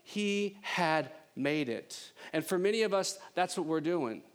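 High-voiced animated preacher. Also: male voice, a little slow, smooth. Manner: animated and emphatic, joking asides. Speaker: pastor. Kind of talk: sermon.

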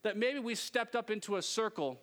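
A man preaching a sermon from a church stage, talking in a lively, joking, conversational way. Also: high-pitched, a little fast. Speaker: pastor.

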